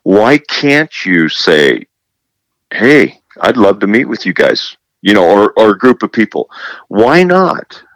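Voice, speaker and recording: A man with a rather deep voice tells his stories with energy and plays every quoted line aloud. He repeats himself and often restarts his sentences. The recording is close and dry, with no room sound. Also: a little slow, dry recording, poor audio. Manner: animated storyteller who acts out quoted dialogue. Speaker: guest, television presenter. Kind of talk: casual faith interview.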